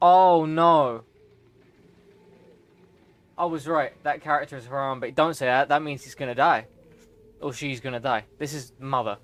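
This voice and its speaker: A man's voice: mid-range voice, steady tone, fairly quick, a bit bright. A young man streaming a game, reacting emotionally with gasps, laughter and sudden outbursts. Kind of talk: live gameplay reaction.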